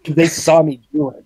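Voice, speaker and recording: A man chatting casually, flat and deadpan, landing crude one-liners. His voice sits slightly high. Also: husky. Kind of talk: casual chat.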